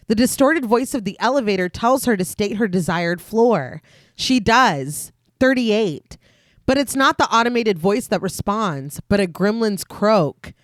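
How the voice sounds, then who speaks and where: A woman's voice: mid-range voice, no echo. A young adult woman co-hosting a horror podcast, reading out a film recap with frequent laughing asides. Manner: laughs often, animated asides. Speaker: podcast co-host.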